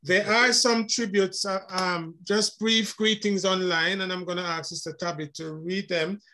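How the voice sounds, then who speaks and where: A man pastor presiding over a memorial service, briskly calling the next speakers. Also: high voice, fairly even intonation, bright, forceful tone. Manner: brisk, directing the program.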